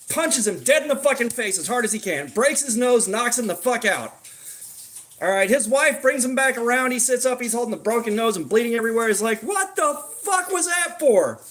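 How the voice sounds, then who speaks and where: A man's voice: extremely high pitch, lively intonation, brisk, a bit bright. A man casually telling a crude joke with slang and fillers while crafting at home. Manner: loose, profane storytelling with slang and fillers. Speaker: crafting streamer.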